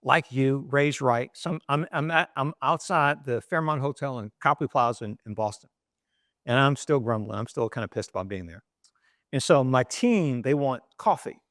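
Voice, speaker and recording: Animated storytelling man from Baltimore. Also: mid-range voice, moderate pace, no echo, clean studio sound. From East Baltimore, USA. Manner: animated, acting out quotes, frequent restarts. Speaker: journalist. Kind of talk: anecdotal storytelling in an interview.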